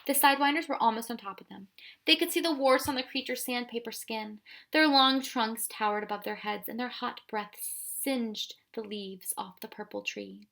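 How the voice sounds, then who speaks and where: A woman reading a children's storybook aloud in a soft, even voice. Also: on the high side, moderate pace, creaky. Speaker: audiobook reader. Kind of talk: storybook narration.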